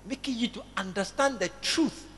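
A man's voice: very high-pitched, expressive, normal speed, a bit bright, slight background noise. A man, preaching a sermon as pastor, emphatic, repeating his phrases and calling for amens. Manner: emphatic, repeats phrases, calls for "amen" and "tell somebody". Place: large church hall. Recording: long church-hall reverb.

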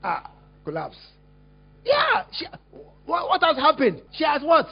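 High-voiced husky male preacher, animated. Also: measured pace. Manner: animated, exclamatory, teasing the congregation. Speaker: pastor. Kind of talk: lively sermon with acted-out demonstration. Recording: dull lo-fi recording.

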